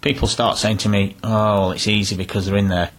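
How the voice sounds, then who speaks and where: A man's voice: lowish voice, little pitch movement, a little fast, fairly bright tone. A middle-aged man talking casually in an interview, telling down-to-earth stories with frequent restarts. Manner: chatty, down-to-earth, rambling with restarts. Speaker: interviewee, angler.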